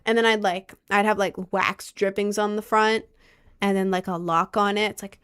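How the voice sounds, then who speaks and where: A young woman streamer from Maryland talks casually to her live chat. She has a mid-range voice and gushes excitedly, with lots of rambling "like"s as she reads comments aloud. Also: medium pitch, unhurried, clear, resonant tone. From Maryland, United States.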